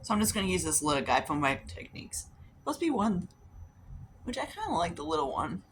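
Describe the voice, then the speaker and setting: Doing her makeup on camera, this beauty vlogger rambles chattily through stories, swears casually and acts out what others said. Her voice sits on the low side with big pitch swings and a brisk pace, over a little hiss or hum.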